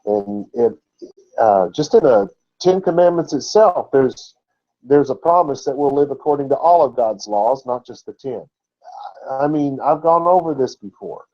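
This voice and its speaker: A man's voice: mid-range voice, expressive, unhurried, warm tone, lo-fi sound. A man giving an informal, conversational sermon as a Bible teacher, often asking rhetorical questions.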